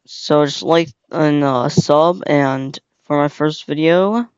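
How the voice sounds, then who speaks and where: A man's voice: fairly high pitch, slow, smooth, no echo. A young man hosting a casual reaction video, rambling with lots of fillers and slang. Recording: dull, lo-fi, dry sound.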